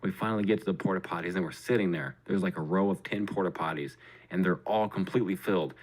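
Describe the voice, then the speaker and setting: Fast-talking, profane man telling a story. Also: low voice. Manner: profane, animated, acts out his own reactions. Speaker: podcast host. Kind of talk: casual storytelling chat.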